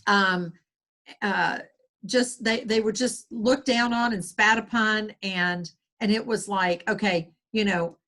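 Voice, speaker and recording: Brief: Southern US woman, author guest, earnest, rambling, mid-pitched voice. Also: fairly even intonation, slow pace, a bit bright. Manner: earnest, rambling with many restarts. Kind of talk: conversational interview.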